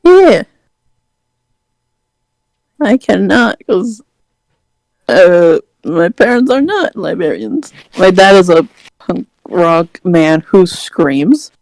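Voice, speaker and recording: A woman's voice: lowish voice, lively intonation, drawn-out words, pauses often, darkish tone, dry recording, low-quality recording. A woman chatting casually as a tabletop game player, giggly and full of joking asides. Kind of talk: casual chat.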